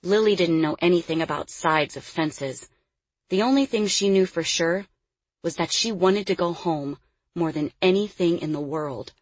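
A woman with a lowish voice narrates an audiobook from a script, telling the story in a measured, expressive way. There is no echo on the recording.

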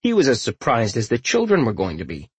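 A man reading a fantasy novel aloud, his pitch rising and falling freely in an animated telling. The recording is dry and close, with no room sound. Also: fairly quick, slightly rough, no room sound, muffled recording. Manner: lively, expressive storytelling. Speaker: audiobook narrator. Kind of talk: scripted narration.

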